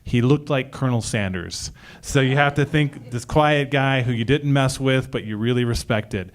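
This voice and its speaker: Man with a smooth, clear voice. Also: mid-range voice, moderate pace. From Detroit area, USA. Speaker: storyteller. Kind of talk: personal story told on stage.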